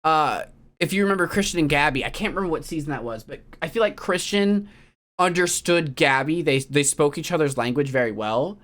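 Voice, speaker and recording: A casual streamer talking at length in an easy, rambling way, full of "um" and "like." The voice sits at a middling pitch, and the talk drifts from musing to sudden loud, animated bursts. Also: fairly quick. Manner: rambling, many fillers like "um" and "like". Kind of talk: casual chat.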